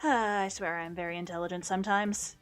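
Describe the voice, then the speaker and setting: Talking fairly quickly in a steady, lowish voice, a young woman streams herself gaming. She chats casually, makes fun of herself and hums little sound effects as soft music plays.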